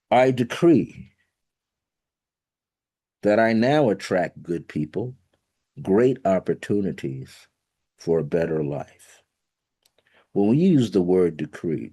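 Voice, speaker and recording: A man giving a motivational spiritual teaching talk. He speaks conversationally, chuckles now and then, and slows down to stress key words and affirmations. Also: low voice, dark tone, slightly rough.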